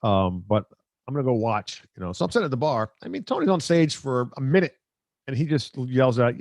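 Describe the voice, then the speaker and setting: A man's voice: mid-range voice, very animated, fairly quick, darkish tone, no echo, clean studio sound. A middle-aged man hosting a live stream, chatting casually, reading viewer comments, and rambling with jokes at his own expense. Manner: rambling, joking, self-mocking. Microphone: close microphone.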